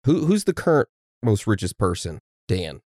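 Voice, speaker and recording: Low-voiced man steering a podcast. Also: very animated, normal speed, darkish tone, dry recording, studio quality. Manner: steers the episode, reads from notes. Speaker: podcast co-host. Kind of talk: casual podcast chat.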